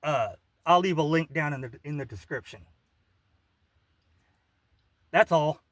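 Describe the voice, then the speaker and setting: A man with a somewhat high voice talks bluntly and casually, swearing and stumbling over fillers. His delivery is loose and unpolished, recorded dry and close. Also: a bit bright, no echo. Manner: blunt, profane, halting with fillers. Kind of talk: casual chat, video outro.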